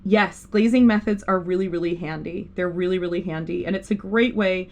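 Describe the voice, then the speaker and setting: A woman's voice: lowish voice, brisk, a little hiss or hum. A woman teaching a digital painting class on a livestream, rambling and stopping herself often with fillers. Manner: rambling, self-interrupting, with many fillers. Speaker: art instructor. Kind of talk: live digital painting tutorial.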